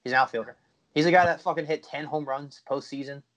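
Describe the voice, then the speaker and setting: A man's voice: fairly high pitch, quick pace, fairly bright tone. A man on a casual sports podcast who talks bluntly and with emphasis. He swears freely and backs his team with conviction. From Tampa Bay area, United States. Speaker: podcast co-host.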